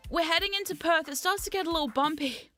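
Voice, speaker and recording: Woman streamer, high and bright, loose and chatty, swears freely, animated storyteller. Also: quick pace, faint music behind. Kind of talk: casual storytelling chat.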